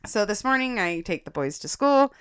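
A woman co-hosting a podcast, telling a personal story in casual chat. She is animated, laughs often and addresses the listeners as guys. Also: mid-range voice, normal speed, clear, resonant tone. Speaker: podcast co-host.

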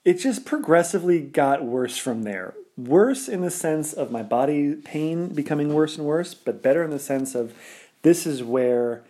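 A man's voice: on the high side, expressive, normal speed, mellow. A young adult man telling a personal story in a casual, rambling, laid-back way, full of filler words.

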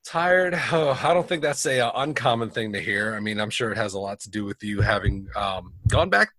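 A man co-hosting a casual podcast, chatty and relaxed, with plenty of fillers and restarts. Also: lowish voice, fairly quick, dry recording. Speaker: podcast co-host.

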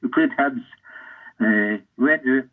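An older Scottish man, a former footballer, telling rambling anecdotes in an interview with a husky voice. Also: medium pitch, slow pace. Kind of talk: storytelling interview. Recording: tinny phone-like line.

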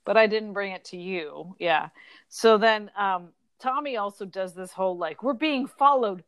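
A young adult woman co-hosting a casual book chat, animated and full of fillers. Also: mid-range voice, moderate pace, clean tone, no echo. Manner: chatty, animated, lots of fillers. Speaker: podcast co-host.

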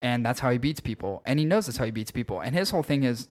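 A man co-hosting a casual podcast, talking about fights in an animated, opinionated way and swearing freely. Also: medium pitch, fast. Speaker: podcast co-host.

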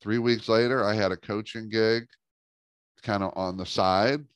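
A middle-aged man, a business coach, telling a lively story in an interview and acting out the dialogue. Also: lowish voice, unhurried, clean tone, no echo. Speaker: business coach and speaker, guest.

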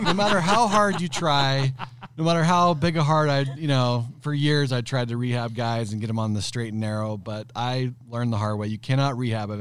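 A middle-aged man who owns a landscaping company, telling an animated, rambling anecdote in a casual podcast interview. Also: medium pitch, clear, resonant tone.

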